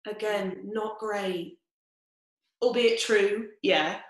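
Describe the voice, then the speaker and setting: A woman's voice: medium pitch, steady tone, extremely slow. Woman explaining stuff patiently, casual, kinda echoey room. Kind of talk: scripted educational chat. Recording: roomy echo.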